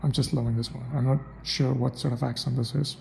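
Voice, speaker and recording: A young man vlogging about accent practice muses aloud in a casual monologue, repeating phrases to test out a way of speaking. His mid-range voice is flat and a little fast, with vocal fry and a darkish tone. The audio is poor, with a little hiss or hum.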